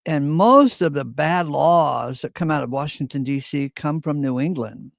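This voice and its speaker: Gravelly man, opinionated. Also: on the high side, moderate pace, no echo, clean studio sound. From Virginia. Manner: opinionated storyteller, clears throat often. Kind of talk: casual chat.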